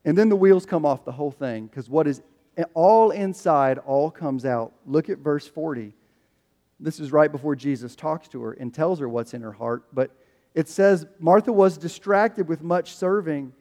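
High-voiced pastor preaching in a reverberant hall. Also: male voice, normal speed. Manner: animated, acts out quoted voices. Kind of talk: sermon.

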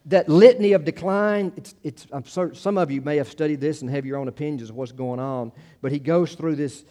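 A man's voice: a little high, brisk, dark tone. A middle-aged American man preaching a sermon in a conversational way, with asides and self-deprecating jokes, rising to emphatic peaks on key phrases. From United States. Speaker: pastor.

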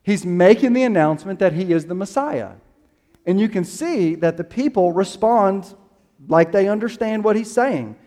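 A male pastor preaching with a slightly higher-than-average voice, talking in an easy, conversational way with plenty of ums and restarts. His voice carries a long reverb from the church hall. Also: expressive, normal speed, dark tone. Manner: conversational storytelling with fillers and restarts. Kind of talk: sermon.

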